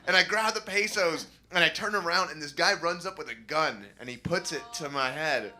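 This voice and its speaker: A young man doing stand-up storytelling, animated and jumping into high squeaky voices for the people he quotes. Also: normal speed, hardly any pauses, slight background noise. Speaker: stand-up comedian.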